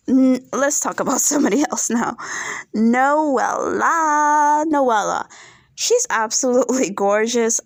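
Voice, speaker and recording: A woman's voice: fairly high pitch, no echo, studio quality. A woman giving casual, opinionated commentary on a reality TV show, often checking in with her viewers. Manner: chatty, opinionated, asks "right?" often. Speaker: reality TV reviewer.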